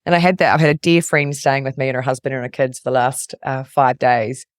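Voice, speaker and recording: A woman's voice: very deep voice, flat delivery, brisk, no room sound, clean studio sound. A woman who hosts an interview podcast and works as a resilience coach, speaking in an earnest, reflective way. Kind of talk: interview conversation.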